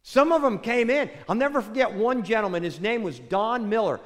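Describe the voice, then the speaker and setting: An older man preaching a sermon as a pastor, telling a story and swinging between loud bursts and soft, hushed lines. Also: sits high, lively intonation, fairly quick, big-room sound.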